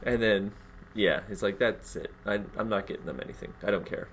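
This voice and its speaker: Chill guy on a podcast, kinda low voice, cursing casually, little bit of background hiss. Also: fairly quick, a bit bright. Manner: laid-back, swears casually, laughs often. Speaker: podcast co-host. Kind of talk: casual chat.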